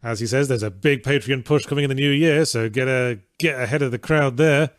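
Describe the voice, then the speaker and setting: A man co-hosting a stream who chats casually and drops dry, wry asides. His voice sits at an ordinary pitch, and the sound is dry and close. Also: brisk, no room sound. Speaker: stream co-host. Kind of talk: casual chat.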